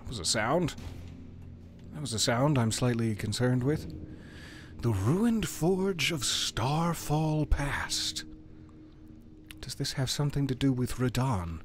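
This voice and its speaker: A man's voice: medium pitch, expressive, takes it slowly, pauses often, soft background music. Wry, playful man streaming a game. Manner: wry, playful banter with chat. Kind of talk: casual gameplay commentary.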